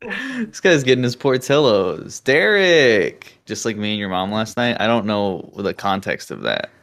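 This is a young man chatting on a livestream, full of sarcastic jokes and casual swearing. His voice sits low, and he trades quick riffs with his co-host. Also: expressive. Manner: joking, sarcastic, swears freely. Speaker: streamer co-host. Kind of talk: casual stream chat.

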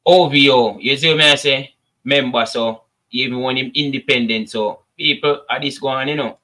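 A man's voice: medium pitch, moderate pace, bright, forceful tone. A man with a Jamaican accent hosting casual commentary, chatting to his viewers in patois. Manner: chatty, addresses viewers as people, patois asides. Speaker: commentary channel host.

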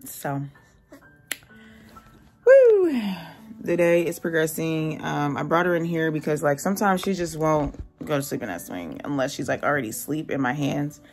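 A young woman, a single mom working from home, vlogs from her kitchen, chatting loosely to camera with lots of "like" and sounding tired and drained. Her voice is low-pitched, fairly quick, with few pauses. Soft background music plays over noisy home ambience.

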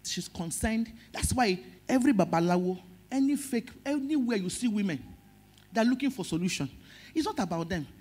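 A woman's voice: mid-range voice, expressive, normal speed, slightly rough. Emotional Nigerian woman pastor preaching. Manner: emotional, swinging between loud stress and soft. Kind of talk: sermon.

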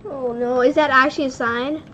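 A young woman hosting a casual gaming video, excitable, giggly and nervous as she plays with a friend. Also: high-pitched, a little fast, dull audio, slight background noise. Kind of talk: casual gameplay chat.

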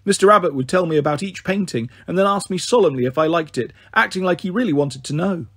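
A man narrating a children's novel in a steady, measured first-person reading. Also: sits high, husky, no room sound, clean studio sound. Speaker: storyteller. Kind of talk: audiobook narration.

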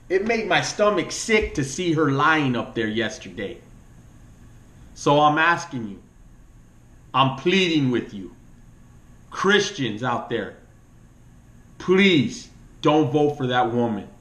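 A man with a Latino American accent ranting about politics and pleading like a preacher, emotional, his voice jumping up high and dropping low. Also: a bit bright, echoey room. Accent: Latino American English. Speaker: vlogger. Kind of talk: impassioned political rant.

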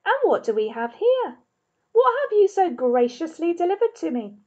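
A woman reading the part of a big, bearded homeless man who talks to a dog and a toy rabbit in a courteous, gently teasing, wordy way. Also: very high voice, sing-song, moderate pace, pitched above the performer's own voice. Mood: amused. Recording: dull lo-fi recording.

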